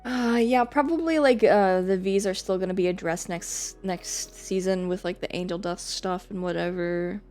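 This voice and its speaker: Woman streamer, casual live chat, rambly and giggly, cusses freely, mid-pitched voice. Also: moderate pace, hardly any pauses, darkish tone, faint music behind.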